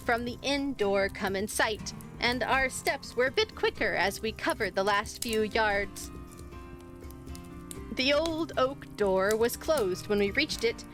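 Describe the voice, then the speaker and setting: Woman, live story reading, expressive narration, somewhat high voice, faint music behind. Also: a little slow. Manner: expressive, lively voicing of dialogue.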